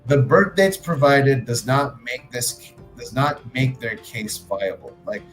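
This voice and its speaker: A man's voice: mid-range voice, lively intonation, slow pace, faint music behind, poor audio. A man hosting a livestream, arguing his point with frequent restarts and some swearing. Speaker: livestream host. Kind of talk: casual livestream commentary.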